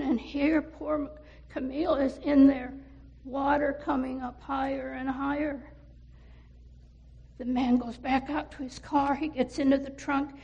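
A woman telling a cautionary story to children, pausing to ask her listeners questions. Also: high voice, creaky, a little mellow.

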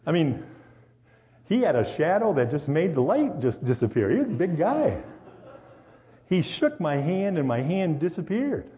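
A man from a Christian radio station telling an animated testimony story at a church service, acting out the voices he quotes. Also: on the high side, normal speed, pauses often. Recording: dull lo-fi recording.

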